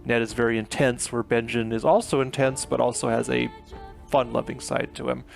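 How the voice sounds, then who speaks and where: A man's voice: mid-range voice, fairly even intonation, brisk, creaky, faint music behind. A man giving a chatty, filler-heavy recap of a novel chapter, retelling scenes with paraphrased quotes. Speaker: book reviewer. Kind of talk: casual book recap.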